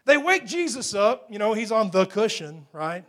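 A man with a notably high voice preaches a sermon into a microphone. He keeps it conversational and emphatic, checking in with his listeners with quick questions as he goes. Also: very animated, a bit bright. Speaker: pastor.

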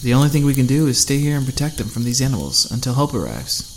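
A man voicing a calm, fair-minded man leading a group of survivors, speaking in a reasoned way. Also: mid-range voice, fast, slight background noise.

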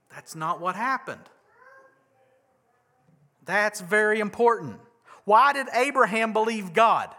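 Bright, high-voiced preacher man. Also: lively intonation, unhurried, long pauses. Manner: conversational preaching with rhetorical questions and emphatic stresses. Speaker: pastor. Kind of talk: sermon.

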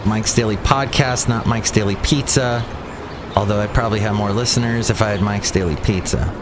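A man's voice: lowish voice, normal speed. Guy rambling on his podcast, sarcastic, noisy background. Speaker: podcast host. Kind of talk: casual solo podcast.

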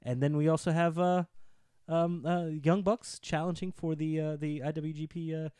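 A man co-hosting a casual wrestling podcast, excitable and rambling, with jokey asides. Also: on the high side, normal speed, clear, resonant tone, no room sound, studio quality. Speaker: podcast co-host.

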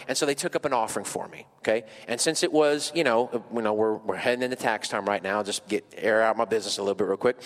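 Man preaching in a reverberant sanctuary. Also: fairly bright tone. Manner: conversational, many fillers, rises high and emotional at peaks. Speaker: pastor. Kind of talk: sermon with personal story. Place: large church sanctuary.

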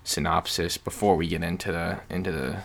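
Deep creaky-voiced male podcast host. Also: fairly even intonation, brisk. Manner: long explanatory turns, joking. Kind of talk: casual podcast chat.

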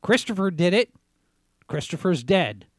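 A man hosting a talk show, giving sarcastic commentary as he reads out headlines, often clearing his throat and restarting his sentences. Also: high voice, sing-song, unhurried, dry recording, studio quality. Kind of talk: opinionated commentary, reading headlines.

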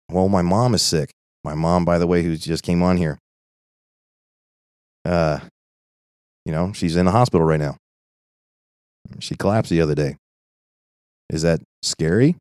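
A man's voice: low-pitched, unhurried, pauses often, a little mellow, clean tone, dry recording, studio quality. A man teaching an informal Bible study in an earnest, conversational way, often checking in with "okay?".

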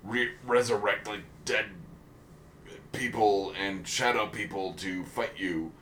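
A man's voice: on the low side, steady tone, slow, bright, forceful tone, slight background noise. A man co-hosting a casual podcast chat, rambling with many ums and restarts. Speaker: podcast co-host.

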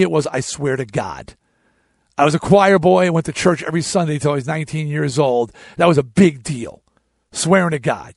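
A middle-aged podcast host tells a casual story, blunt and profane, often restarting his sentences. His slightly high, creaky voice swoops up and down. The sound is dry and close, with no echo.

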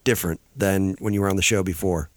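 A man's voice: deep voice, quick pace, no room sound, studio quality. A man hosting a comedic talk radio show, bantering and laughing often. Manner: giggly, lively, bantering.

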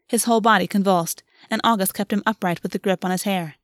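A woman narrating a novel in an even, measured audiobook reading. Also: mid-range voice, no room sound, studio quality. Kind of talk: scripted narration.

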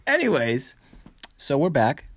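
A man's voice: a little high, wildly swooping pitch, measured pace, a bit bright, slight background noise. A man co-hosting a podcast in playful, joking casual chat, laughing often. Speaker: podcast co-host.

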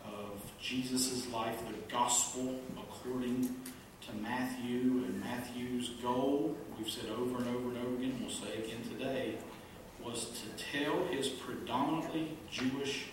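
A man preaching a sermon as a pastor, telling jokes and laughing as he goes. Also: medium pitch. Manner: animated, laughs at own jokes. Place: church sanctuary. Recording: echoey room from a distance, background noise.

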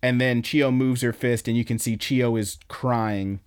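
A man's voice: mid-range voice, unhurried, clear, resonant tone. A young man hosting a podcast, casually rambling through an anime episode recap and acting out the lines. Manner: rambling, animated retelling, acts out quotes. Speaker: podcast host.

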